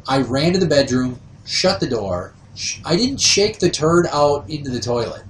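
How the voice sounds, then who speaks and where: A man's voice: medium pitch, normal speed, a little hiss or hum. A man hosting a podcast, telling a comic story and acting out the people in it. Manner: animated, acts out quoted voices. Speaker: podcast host. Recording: roomy, slightly distant from mic.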